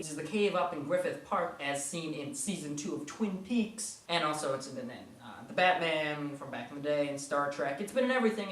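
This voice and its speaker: A man's voice: fairly high pitch, a bit bright. Enthusiastic young man in an echoey room. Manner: enthusiastic, playful, rambling. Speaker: puppet animator showing his work. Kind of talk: casual video tour. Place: room at home with posters and puppets.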